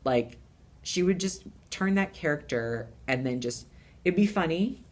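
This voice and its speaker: A middle-aged woman puppeteer telling stories in a casual interview, animated and laughing, acting out voices. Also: sits low, a little slow. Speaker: puppeteer guest.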